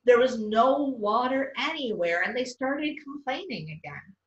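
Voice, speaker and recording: Woman reading a kids' story, gentle, lively, dull echoey audio from far off. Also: a little high, a little slow. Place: church.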